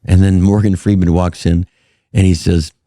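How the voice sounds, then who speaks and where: A middle-aged man, a comedian guest, telling animated, profane stories with laughs in casual chat. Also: low-pitched, normal speed, no echo, studio quality. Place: live show venue.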